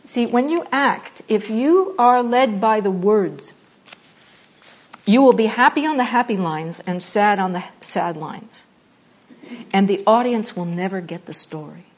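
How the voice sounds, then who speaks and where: Woman teacher, spiritual talk; animated and playful, with quiet, slow repeated phrases. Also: mid-range voice. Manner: animated and playful, acting out examples with laughter; drops to soft, slow repetition when guiding meditation. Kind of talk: spiritual talk mixing meditation and acting.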